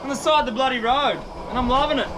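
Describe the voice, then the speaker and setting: A man's voice: very high-pitched, fast talker. A young Australian man chatting casually to camera in laid-back slang by a windy roadside. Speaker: outdoor vlogger. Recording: outdoor wind and passing traffic noise.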